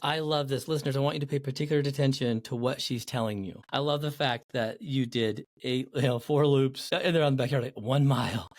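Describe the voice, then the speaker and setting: A man hosting a podcast interview, an animated storyteller who acts out the people he quotes. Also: mid-range voice, brisk, few pauses, dry recording, clean studio sound. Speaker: podcast host.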